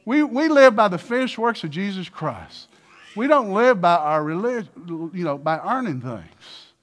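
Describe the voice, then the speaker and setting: A pastor with a high voice preaches an energetic sermon at a measured pace, his pitch swinging widely. He acts out little dialogues and shifts between loud bursts and hushed passages.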